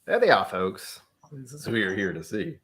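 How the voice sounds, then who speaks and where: A man's voice: lowish voice, big pitch swings, normal speed, fairly bright tone. A man hosting a livestreamed whiskey tasting from home, chatting in a playful, self-mocking way and laughing easily. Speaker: host.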